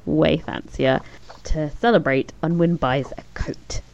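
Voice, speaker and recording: A woman's voice: deep voice, steady tone, unhurried, creaky, darkish tone. A woman co-hosting a podcast, recapping an episode in casual chat, laughing often and acting out characters' lines. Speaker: podcast co-host. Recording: dull lo-fi sound with faint noise.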